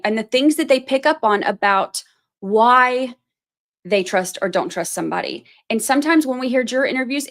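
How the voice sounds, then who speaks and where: Chatty woman, trial commentary. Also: a little high. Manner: chatty, heavy use of "like" and "you know", acts out quoted voices. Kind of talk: casual live commentary.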